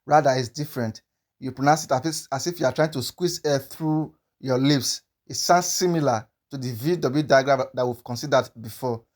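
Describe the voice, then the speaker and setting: A man gives a pronunciation lesson at a middle pitch. He is patient and careful, repeating each example word several times and slowing down to model the sounds clearly. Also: a little mellow. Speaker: language teacher.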